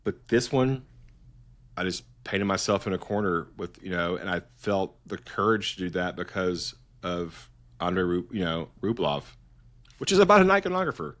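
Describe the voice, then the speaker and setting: A middle-aged man with a fairly low voice talks as a guest in a relaxed interview. He is eager and rambling, and he often stops and restarts his sentences as he goes. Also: moderate pace. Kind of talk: casual interview conversation.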